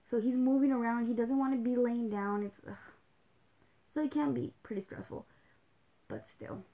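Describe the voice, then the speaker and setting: A woman's voice: on the high side, fairly even intonation, moderate pace, dark tone. A young woman talking in a rambling, casual way as a livestream host, full of "like"s, slipping in Spanish phrases now and then. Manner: chatty, rambling, with many "like"s and little laughs. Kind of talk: casual chat.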